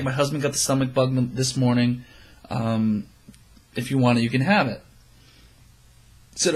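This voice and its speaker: A young man co-hosting a casual chat show, his voice sitting at an ordinary middle pitch. He tells a long story and swears freely. He acts out his friends' lines as he goes. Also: fairly even intonation, a little slow, pauses often, fairly bright tone. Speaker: podcast co-host.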